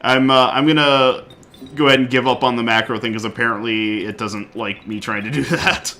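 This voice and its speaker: A man streaming a card game live, chatting excitedly, laughing often and swinging from loud outbursts to quiet muttering. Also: medium pitch, a little fast, a little hiss or hum. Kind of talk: live gameplay commentary.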